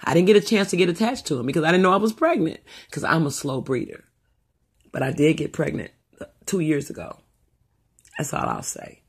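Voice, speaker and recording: A woman's voice: deep voice, a little fast, breathy edge. A middle-aged woman telling family stories in a rambling, profane, casual monologue. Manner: rambling and profane, with animated asides. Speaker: storyteller.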